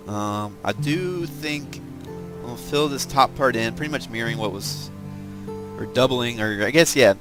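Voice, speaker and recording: A man with a Southern US accent, hosting a let's-play video and chatting casually while he builds, musing aloud with lots of fillers. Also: mid-range voice. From American South. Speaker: gaming video host.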